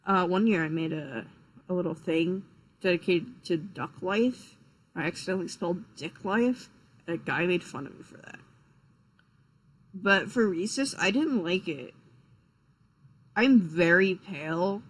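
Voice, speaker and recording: A man's voice: high-pitched, expressive, a little slow, long pauses, rough recording. A young man chatting casually on a live stream, rambling and swearing, with lots of fillers and restarts, sounding tired. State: tired, yawning.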